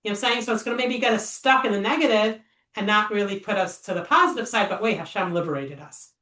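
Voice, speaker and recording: Fast, bright, and forceful at a medium pitch, a woman teaching Torah study runs an informal text class. Her style is chatty and thinking-aloud, heavy on fillers and rhetorical questions, and the echoey room leaves her voice a bit far from the mic.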